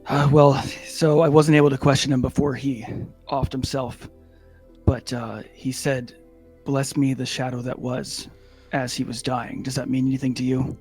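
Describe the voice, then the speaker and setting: A man playing a tabletop game, asking the game master relaxed, curious questions. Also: mid-range voice, moderate pace, slightly rough, faint music behind. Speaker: player. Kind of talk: tabletop play, casual chat.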